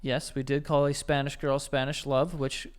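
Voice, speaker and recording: A man's voice: mid-range voice, little pitch movement, moderate pace, smooth. A young man co-hosting a podcast, telling rambling, profane stories in casual chat, with lots of "like" and restarts. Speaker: podcast co-host.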